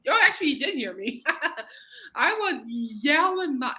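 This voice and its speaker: A woman's voice: sits high, sing-song, a little slow, bright, forceful tone. A woman hosting a podcast, chatting casually and rambling through stories. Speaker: podcast host. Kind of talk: casual chat.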